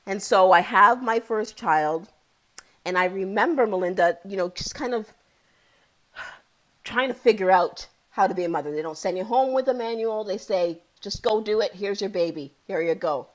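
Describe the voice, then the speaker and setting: A psychotherapist from Ontario, Canada, in her thirties or forties, shares her own story as a guest, candidly and with feeling, often repeating key phrases. Her voice is medium-pitched at a moderate pace, and the recording is rough.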